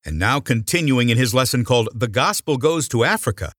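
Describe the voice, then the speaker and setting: A man hosting a radio program, reading a scripted introduction in a smooth announcer manner. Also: mid-range voice, expressive, brisk, a bit bright, no room sound. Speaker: radio host. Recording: dry studio voice with faint music.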